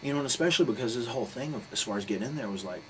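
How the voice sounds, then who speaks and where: In a candid interview, a pro wrestler tells a story bluntly and profanely, rambling as he goes. His mid-range voice races along on a rough recording with steady background noise.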